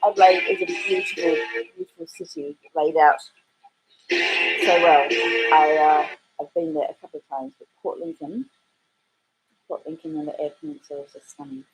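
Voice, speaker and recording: A woman's voice: moderate pace, long pauses, poor audio. A middle-aged Australian woman from Western Australia, hosting a casual livestream, reading out comments with a playful, theatrical manner. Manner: playful, theatrical, swoops up high in exclamations. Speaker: livestream host playing records. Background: music playing in the background.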